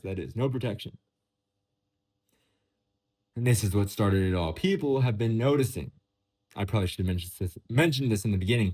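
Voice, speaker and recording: Guy doing a jokey sarcastic commentary over pics, pitch jumping all over, mid voice. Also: darkish tone. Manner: joking, sarcastic, with big pitch swings. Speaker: MMA commentary vlogger. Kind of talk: casual commentary over photos.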